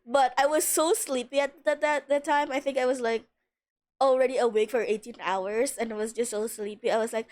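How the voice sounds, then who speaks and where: A young woman streaming a video game live, chatting casually. She is excitable, greets viewers, and swears now and then. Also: on the high side, normal speed. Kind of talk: casual livestream commentary.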